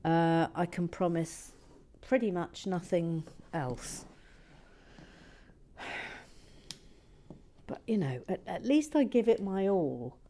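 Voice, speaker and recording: Low, slow-talking woman, half-whispered. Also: lively intonation. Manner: chatty and self-mocking, often dropping to a hushed whisper; stumbles and restarts on words. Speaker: host of a brick-building channel. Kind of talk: casual chat while building.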